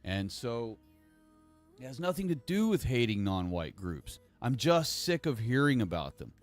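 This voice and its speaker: A man hosting a casual livestream monologue, rambling and halting and repeating himself. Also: medium pitch, big pitch swings, soft background music. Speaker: livestream host.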